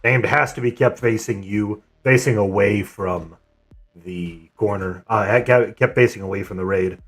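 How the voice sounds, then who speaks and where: A man streaming and leading an online game raid, telling a story and giving calls in a relaxed, rambling way. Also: on the low side, moderate pace.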